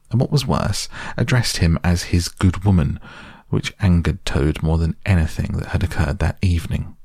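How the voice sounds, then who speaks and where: Male storybook narrator: very low, gravelly, measured and expressive. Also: dry recording, studio quality.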